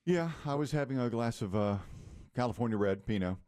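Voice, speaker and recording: A man's voice: mid-range voice, lively intonation, a little fast, a little mellow, a little hiss or hum. A man co-hosting a radio morning show, ribbing his partner with dry sarcasm in casual banter on a studio mic.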